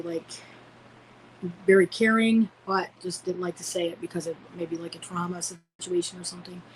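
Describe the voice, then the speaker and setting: A woman's voice: on the low side, slight background noise, rough recording. A woman in her forties from Illinois, a podcast guest telling a personal story in a rambling way, with many fillers and restarts. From Illinois, United States. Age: 40s.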